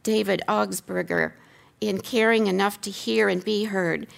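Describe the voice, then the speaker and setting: A woman's voice: mid-range voice, fairly even intonation, a little slow, vocal fry. A middle-aged woman gives an earnest teaching talk on scripture. She asks rhetorical questions and repeats key lines for emphasis. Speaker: seminary teacher giving a talk.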